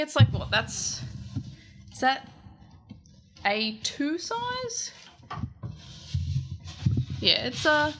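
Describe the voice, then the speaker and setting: A woman's voice: medium pitch, noisy background. An Australian woman talking casually through an unboxing for her vlog, rambling a little and correcting herself as she goes. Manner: rambling, self-correcting, chatty. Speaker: vlogger.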